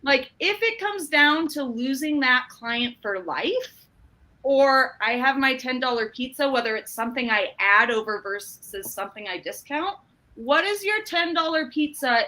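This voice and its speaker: A woman from Utah, giving a business training talk and acting out an animated story with quoted dialogue. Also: high voice, a little slow, poor audio.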